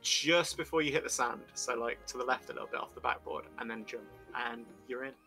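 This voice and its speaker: A man's voice: medium pitch, a little fast, faint music behind. A young man joking around with friends while playing a golf video game. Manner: joking, chatty, gives excited directions. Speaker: gamer. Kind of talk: casual game chat with friends.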